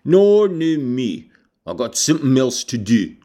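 A man voicing a surly, grumbling old male servant with a gruff, muttering way of talking. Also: mid-range voice, big pitch swings, measured pace, warm tone, voice pushed up. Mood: dismissive.

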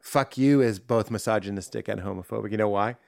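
Dry, animated comedian man riffing. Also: on the low side, a little fast, gravelly, no room sound. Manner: animated riffing with comic bits. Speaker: guest comedian. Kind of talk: casual podcast chat.

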